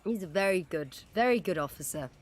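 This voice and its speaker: A woman's voice: on the low side, lively intonation, a little fast, faint music behind. A British woman streaming a police roleplay, bantering and swearing with her fellow players. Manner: bantering, swearing, laughing easily. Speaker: streamer playing a police officer.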